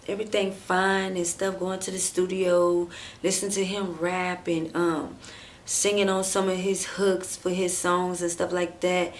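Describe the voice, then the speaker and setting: A woman chatting through a storytime vlog at an ordinary, mid-range pitch. She speaks directly to her viewers, loose and animated, full of "like" and "and stuff", and acts out the lines other people said. A faint hiss sits under her voice. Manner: animated, talks straight to viewers and acts out quoted dialogue; drawn-out fillers and frequent "like", "and stuff". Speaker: storytime vlogger. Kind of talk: casual storytime chat.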